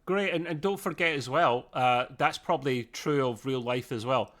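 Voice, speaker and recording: A man's voice: medium pitch, moderate pace, fairly bright tone. A man co-hosting a podcast, talking through a review in a casual, rambling way that often digresses. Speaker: podcast co-host.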